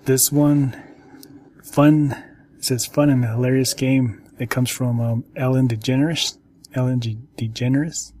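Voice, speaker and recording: With a steady, mellow mid-range voice, a man hosts an informal chat, hesitantly recounting stories and going through apps amid many ums and restarts.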